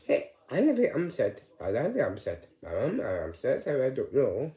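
A man chatting casually on his vlog, rambling and halting, often repeating his words. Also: medium pitch, huge pitch swings, dark tone, roomy sound. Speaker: vlogger.

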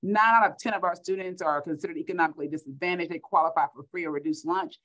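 A woman's voice: fairly low pitch, quick pace, fairly bright tone, poor audio. Upbeat Texan woman giving a keynote. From Texas. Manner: upbeat, repeats words for emphasis. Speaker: school superintendent. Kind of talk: keynote speech.

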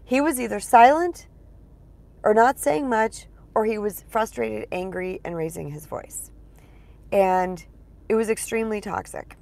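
A woman's voice: mid-range voice, unhurried, darkish tone. A middle-aged woman, a spiritual empowerment coach, giving advice in a conversational, emphatic way and swearing casually.

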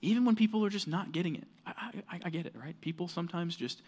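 A man's voice: high-pitched, animated, fast, a little mellow, slightly rough. A man preaching a sermon as pastor, conversational and earnest, with frequent fillers like "right" and "like".

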